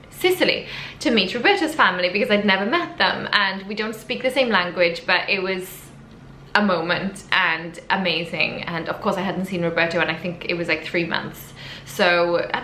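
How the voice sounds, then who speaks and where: A woman's voice: mid-range voice, sharp tone. A young woman from the United Kingdom telling her story to camera in a chatty, emotional way, often correcting herself. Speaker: vlogger. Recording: echoey room with faint background noise.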